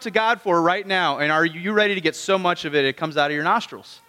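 Bright-voiced preacher in a reverberant hall. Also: male voice, a little high, a little fast, few pauses, clear, resonant tone. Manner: casual, asks the congregation rhetorical questions. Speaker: pastor. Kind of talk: conversational sermon.

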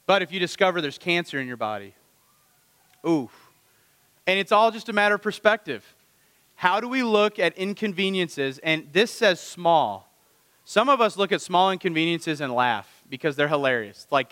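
Male pastor, bright and forceful, preaching with lively rhetorical questions; dry close mic with a long hall tail. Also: a little high, normal speed, long pauses. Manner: animated, rhetorical questions to the congregation. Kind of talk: sermon.

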